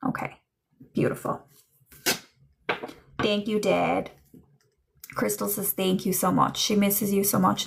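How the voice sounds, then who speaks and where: A woman's voice: medium pitch, vocal fry, slight background noise. A woman hosting a live stream as a psychic medium, chatting casually, relaying spirit messages in quoted speech and laughing often. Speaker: psychic medium and livestream host.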